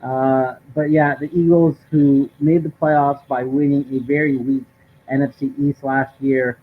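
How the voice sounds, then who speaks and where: A man's voice: mid-range voice, flat delivery, a little slow. A man co-hosting a live stream from home, giving upbeat, talkative sports commentary with many fillers. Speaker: co-host of a live draft stream. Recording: tinny lo-fi stream audio with faint noise.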